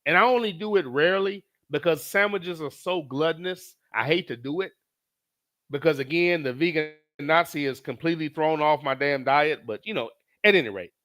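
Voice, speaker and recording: A man streaming live, reading chat messages aloud in a casual, animated, profane way. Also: a little high, normal speed.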